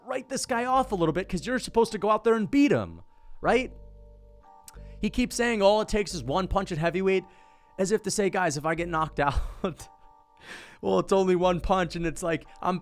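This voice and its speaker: A man giving casual, excitable MMA commentary with profanity and slang. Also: fairly high pitch.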